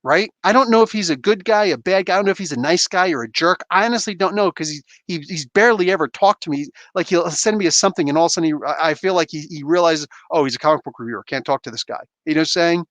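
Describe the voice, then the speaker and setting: A man's voice: high voice, quick pace, few pauses, fairly bright tone, no echo. A man hosting a livestream, emphatic and rambling as he talks casually with fans. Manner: emphatic, rambling, fan banter. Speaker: comic book reviewer, livestream host.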